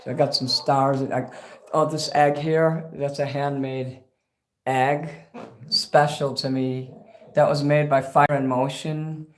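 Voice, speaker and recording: A man hosts a casual livestream, talking at an ordinary middle pitch. He rambles from one thing to the next and swears freely. He gets excitable as he goes. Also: slow. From Chicago. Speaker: livestream host.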